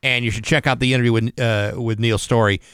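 A man's voice: mid-range voice, steady tone, quick pace, fairly bright tone, clean tone, no room sound. A man co-hosting a morning radio show, chatting casually and reading station IDs and sponsor plugs from a studio microphone.

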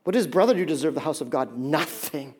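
Man, pastor, sermon, high-pitched, emphatic, conversational. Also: expressive, fast talker, breathy edge. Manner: conversational and emphatic, dropping to a hushed appeal.

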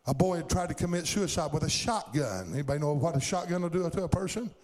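A man's voice: a little high, lively intonation, quick pace, a little mellow. A middle-aged man preaching a sermon, telling stories and building to fervent exhortation.

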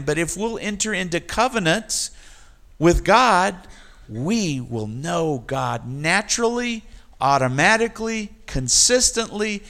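A man's voice: sits high, vocal fry, a bit bright. A man preaching a sermon, building to emphatic repeated refrains. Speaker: pastor.

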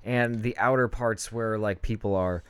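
A man's voice: fairly low pitch, fairly even intonation, moderate pace, smooth, dry recording. A young man co-hosting a casual podcast, rambling in a laid-back way and trailing off mid-sentence. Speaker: podcast co-host.

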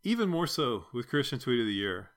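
A man's voice: medium pitch, sing-song, brisk. A man co-hosting a casual podcast, playful and fond of mock-grand announcements. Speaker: podcast co-host. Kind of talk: casual chat.

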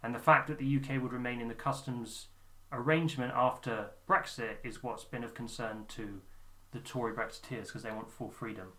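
A man's voice: mid-range voice, pushed and bright. A man co-hosting a podcast in casual political chat, explaining poll figures step by step. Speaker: podcast co-host.

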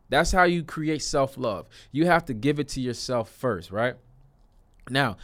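A young man talks straight to his viewers about self-love, in a voice of ordinary middle pitch. He is earnest and repetitive, hammering his points home. At times he climbs into loud, emphatic bursts before settling back down. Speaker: self-help video creator. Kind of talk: motivational talk to camera.

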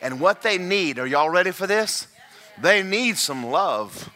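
A male pastor preaching a sermon, swinging from folksy joking asides to shouted, singsong climaxes. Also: high voice, expressive, a little slow.

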